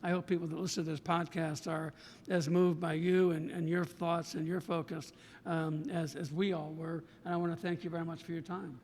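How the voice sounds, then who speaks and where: An American man hosting a podcast interview, effusive and halting, often restarting his sentences. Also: little pitch movement, darkish tone. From United States. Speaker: podcast host. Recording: reverberant room with faint rumble.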